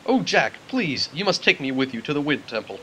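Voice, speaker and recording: A man voicing a tiny, shy male forest creature who speaks in a gentle, earnest, pleading way. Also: on the high side, very animated, fairly quick, slight background noise, low-quality recording. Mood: solemn.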